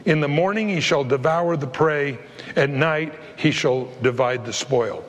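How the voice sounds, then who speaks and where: A man preaching a sermon, reading scripture and retelling its stories with lively, comic character voices. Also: a little high, measured pace, big-room sound. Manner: animated preacher, acts out voices of biblical figures with comic flair. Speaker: pastor.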